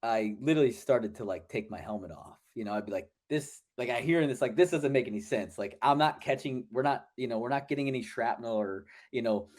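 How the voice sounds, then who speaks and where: A man's voice: mid-range voice, fairly quick, hardly any pauses, a little mellow. A man co-hosting a podcast, talking in a laid-back, casual way with many "like" fillers. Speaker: podcast co-host. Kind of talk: casual chat.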